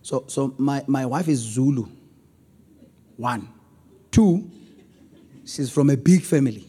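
A man preaching a sermon on relationships, swinging between loud emphasis and low asides. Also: lively intonation, slow pace, slightly rough, big-room sound. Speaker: pastor.

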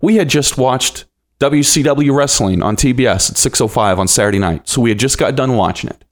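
Here a man in his thirties is hosting a podcast, recounting something that happened to him and animatedly imitating the people involved. He talks at a brisk clip with a medium-pitched voice.

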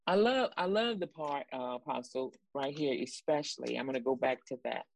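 This woman's rumbling low voice carries vocal fry at an ordinary speed. As co-host of a ministry broadcast, she gives preaching commentary full of exclamatory praise, repeating herself for emphasis and pressing her audience on.

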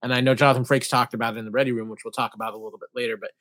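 A man's voice: medium pitch, little pitch movement, racing, fairly bright tone, dry recording. A man in a casual podcast discussion, speaking earnestly and effusively. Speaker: podcast co-host.

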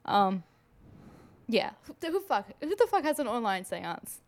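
A woman's voice: fairly high pitch, big pitch swings, measured pace. A woman co-hosting a podcast in casual chat, blunt and often swearing. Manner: blunt, frequently swearing, says "like" a lot. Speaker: podcast co-host.

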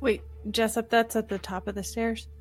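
A woman playing a tabletop game, chatty and quick to laugh. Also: fairly high pitch, flat delivery, a little mellow, faint music behind. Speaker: player. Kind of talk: casual chat at a game table.

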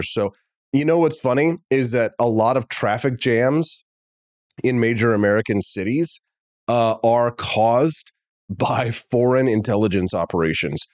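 A male talk show host delivering an animated, opinionated monologue straight to viewers. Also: fairly low pitch, unhurried, no echo.

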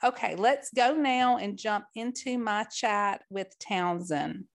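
A woman's voice: mid-range voice, slow pace, gravelly. A woman podcast host with a Southern accent, reading a recipe and chatting in a friendly, talkative way. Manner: friendly, chatty, addresses listeners as y'all. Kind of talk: recipe reading and interview chat.

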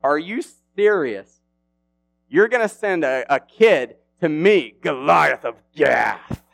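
A man voicing a boastful, taunting giant warrior in a loud, mocking voice during a sermon. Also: a little high, animated, slow pace, gravelly, exaggerated voice.

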